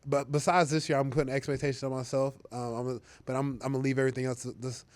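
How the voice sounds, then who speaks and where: Relaxed young man, dry close sound. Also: medium pitch, fast talker, dry recording. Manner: relaxed, rambling, lots of fillers and restarts, laughs easily. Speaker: football player being interviewed. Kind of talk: casual interview talk.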